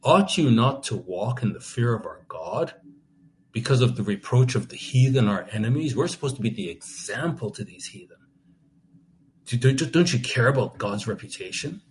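A man's voice: medium pitch, lively intonation, normal speed, a little mellow, slight background noise. A man preaching a sermon, impassioned and indignant, often restarting his words as he reads and comments on scripture.

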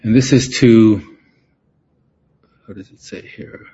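A man's voice: lowish voice, slow pace, long pauses, dark tone, breathy edge, dull audio. A man teaching a Bible passage verse by verse, explaining Greek words and often repeating himself as he works through a point.

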